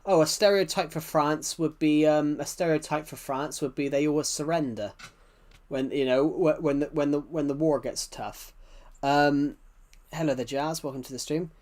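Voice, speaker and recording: A man's voice: a little high, fairly even intonation, moderate pace, a little mellow. A man with a British accent, chatting casually on a live game stream, rambling and answering chat messages with frequent restarts. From United Kingdom.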